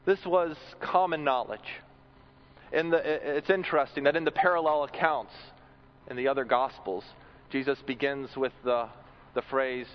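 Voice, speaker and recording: A man's voice: medium pitch, fairly even intonation, normal speed, lo-fi sound. A man preaching a sermon in an earnest way, often repeating words as he builds a point.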